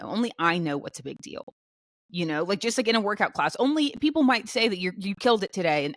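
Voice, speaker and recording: A woman co-hosting a podcast in casual chat, talking in an animated way with many fillers and restarts. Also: fairly low pitch, quick pace, dry recording, studio quality. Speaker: podcast co-host.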